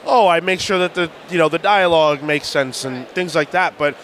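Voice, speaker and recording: A man's voice: on the high side, fairly even intonation, moderate pace, a bit bright. A tired man hosting a podcast, eagerly interviewing a guest at a busy convention. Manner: eager, friendly questioning. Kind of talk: casual interview. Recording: noisy convention floor.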